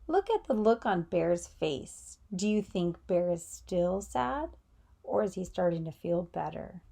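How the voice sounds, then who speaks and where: Woman teacher, reading lesson, encouraging, asks questions, animated pitch, slow. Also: vocal fry. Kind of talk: read-aloud reading lesson.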